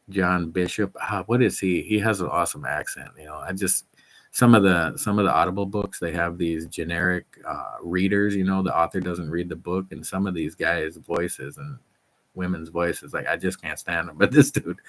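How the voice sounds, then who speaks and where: A middle-aged man chatting casually to his viewers as a fitness vlogger, rambling and enthusiastic, with many fillers and restarts. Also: low voice. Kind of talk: casual chat to camera.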